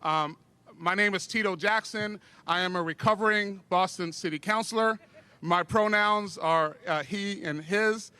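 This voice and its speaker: Bright, high-voiced man hyping a crowd. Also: unhurried, smooth. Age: 40s. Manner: energetic crowd hype with call-and-response, frequent ums. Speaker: event speaker, business owner. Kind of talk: public speech at an outdoor rally. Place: outdoor city plaza event.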